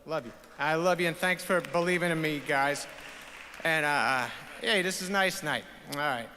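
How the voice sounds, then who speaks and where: A man's voice: a little high, moderate pace, bright, forceful tone, a little hiss or hum. A middle-aged man giving an off-the-cuff, stammering, jokey award acceptance speech on a ceremony stage. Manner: rambling, stammering, profane and jokey. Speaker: award recipient. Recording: reverberant awards hall, faint ambience.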